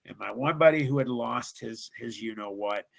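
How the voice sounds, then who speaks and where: A man's voice: mid-range voice, moderate pace, vocal fry. A man from Ohio, a guest on a live show, telling a true ghost story in an earnest, dramatic way with frequent restarts.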